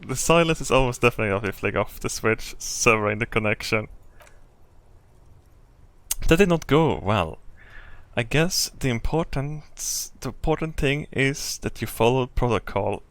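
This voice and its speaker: A man's voice: medium pitch, moderate pace, no room sound. A man streaming a story game, reading the text aloud with crude, joking asides. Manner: loud, crude, laughing asides.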